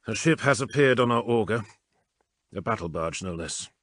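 A man voicing a proud, embittered male warrior captain in an audiobook, talking gruffly in clipped lines. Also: lowish voice, lively intonation, normal speed, no room sound, clean studio sound. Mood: bitter, angry. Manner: gruff, clipped, flaring into shouts. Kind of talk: audiobook character reading.

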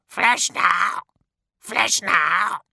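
A man voicing a flock of hungry, cackling crows with shrill squawking cries. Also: very slow, creaky, pushed and bright, breathy edge, no echo, clean studio sound, heavily acted. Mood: greedy squawking.

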